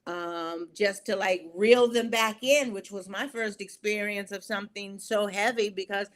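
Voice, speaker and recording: An earnest woman speaking as an interview guest, her voice pitched in an ordinary middle range. She tells her stories with feeling, pausing on fillers as she gathers her thoughts. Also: steady tone. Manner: earnest, emotional, halting with fillers. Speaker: guest, poet and filmmaker. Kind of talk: storytelling interview talk.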